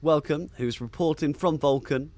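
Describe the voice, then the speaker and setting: A man's voice: fairly high pitch, moderate pace, darkish tone. A British man co-hosting a casual livestream, reading chat comments and talking in a hesitant way.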